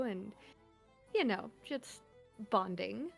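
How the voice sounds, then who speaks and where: Slow, giggly woman player. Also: mid-range voice, creaky, faint music behind. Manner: slow, thoughtful, many fillers, giggly. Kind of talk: describing her character in a tabletop game.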